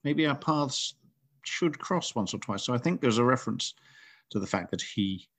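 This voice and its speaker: A middle-aged author talking in a relaxed interview, thoughtful and rambling with frequent restarts. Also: male voice, medium pitch, moderate pace, dry recording. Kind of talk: casual interview chat.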